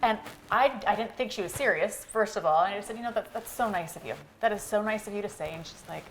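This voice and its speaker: A woman's voice: mid-range voice, quick pace, fairly bright tone, slight background noise. A woman, a company co-founder, telling a personal family story in an interview in a conversational way, acting out remembered dialogue.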